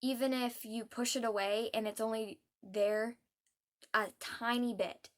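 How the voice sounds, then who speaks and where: A young adult woman shares heartfelt advice in a vlog, her fairly high voice soft and earnest. She pauses often and hesitates with frequent ums.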